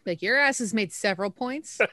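A woman's voice: mid-range voice, lively intonation, fairly quick, bright, forceful tone, no echo, studio quality. A woman co-hosting a podcast over a video call, chatting casually and teasing with frequent giggles. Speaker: podcast co-host. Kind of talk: casual chat.

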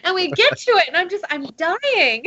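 A young woman telling funny stories in casual chat, animated and quick to break into loud laughter. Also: extremely high pitch, highs cut off. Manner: animated storyteller, laughs loudly mid-sentence.

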